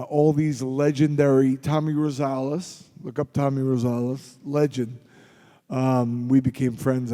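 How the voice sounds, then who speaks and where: A man's voice: medium pitch, warm tone. Joking man in a reverberant hall. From Philadelphia. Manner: rambling, joking anecdotes with laughs. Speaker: convention guest actor. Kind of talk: convention panel Q&A storytelling. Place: convention panel room.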